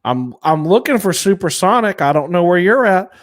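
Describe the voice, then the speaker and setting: A man's voice: high voice, big pitch swings, normal speed. A man co-hosting a podcast in casual chat, opinionated and talkative, calling out to viewers. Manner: chatty, opinionated, calls out to live viewers. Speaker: podcast co-host.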